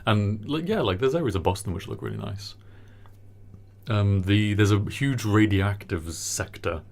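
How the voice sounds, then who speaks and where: A man's voice: fairly low pitch, expressive, normal speed, darkish tone. A man chatting casually as co-host, joking and rambling with plenty of ums. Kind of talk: casual chat.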